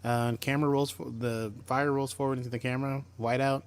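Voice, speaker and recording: A man in a relaxed podcast chat, walking through an episode scene by scene. He slips into quick impressions of the characters as he goes, with a voice of ordinary middle pitch. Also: smooth. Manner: chatty, acts out characters' lines while retelling. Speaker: podcast co-host. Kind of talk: casual chat recapping a TV episode.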